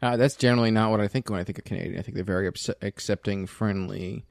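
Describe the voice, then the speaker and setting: A man with a fairly low voice plays the straight interviewer in an improvised comedy sketch. He asks earnest, rambling questions full of restarts, and his voice sounds dry and close to the mic. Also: fairly even intonation, fast, creaky, no echo.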